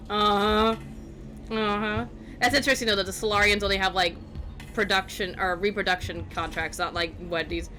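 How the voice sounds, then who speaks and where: A woman's voice: mid-range voice, steady tone, normal speed, music in the background. A woman streaming a game, chatting casually and rambling with lots of fillers. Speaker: let's play streamer. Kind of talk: casual gameplay commentary.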